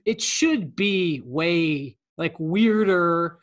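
A man's voice: fairly high pitch, expressive, extremely slow, a bit bright. A man co-hosting a podcast in casual chat, rambling with lots of fillers. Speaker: podcast co-host.

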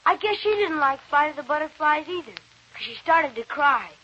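A woman's voice: high-pitched, expressive, pushed and bright. A woman doing a chirpy young boy. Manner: chirpy, quick storytelling. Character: cheerful, eager young boy, son of the ballplayer. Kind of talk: 1940s radio acting. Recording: muffled old radio broadcast.

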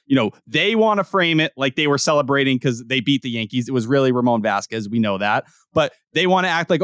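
A man on a sports podcast argues his point insistently, swearing as he goes. His voice is dry and close-miked, with a mid-range male pitch. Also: lively intonation, quick pace, few pauses, a bit bright, dry recording. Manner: profane, worried, insistent. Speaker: podcast co-host. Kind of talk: casual sports podcast banter.

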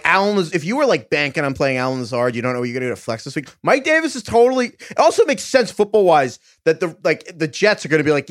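A man co-hosting a podcast in excitable casual chat, often stammering as he restarts his sentences. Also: a little high, no echo, clean studio sound. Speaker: podcast co-host.

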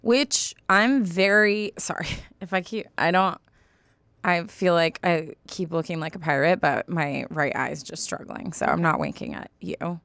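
Chatty young woman, smooth low voice. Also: unhurried, fairly bright tone, no echo. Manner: rambling, many restarts and likes. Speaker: podcast co-host. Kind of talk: casual chat.

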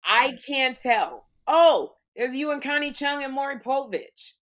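Teasing high-voiced woman co-host. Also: a little slow. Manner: teasing, animated storyteller. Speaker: podcast co-host. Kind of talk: casual comedic chat.

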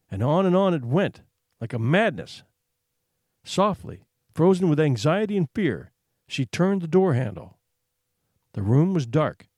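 A man narrating a short story in an expressive, suspenseful reading. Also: fairly high pitch, no room sound, studio quality. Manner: expressive, suspenseful, hushed for tension.

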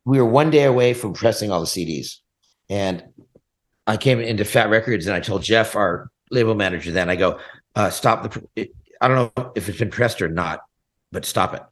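A man's voice: on the low side, moderate pace. A man, a punk band frontman, telling stories in a casual interview and acting out the people in them. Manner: animated, acts out voices in his stories.

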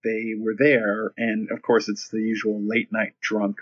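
Brief: husky-voiced man, animated, swearing storyteller, dull lo-fi sound. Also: lowish voice, unhurried. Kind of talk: casual anecdote.

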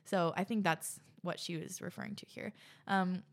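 A woman's voice: on the low side, fairly even intonation, moderate pace. Young woman podcaster, gushy and chatty, kinda out of breath, lots of likes. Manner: gushing, chatty, many fillers. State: often out of breath. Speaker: podcast host. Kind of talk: reading listener messages and reacting.

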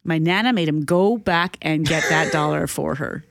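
A woman's voice: sits low, normal speed, gravelly, no room sound. Playful female radio co-host, dry sound. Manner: playful, reminiscing. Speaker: radio morning show co-host. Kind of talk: casual radio chat. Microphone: studio microphone.

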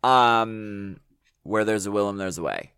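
A man co-hosting a podcast in a giggly, animated casual chat. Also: lowish voice, unhurried. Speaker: podcast co-host.

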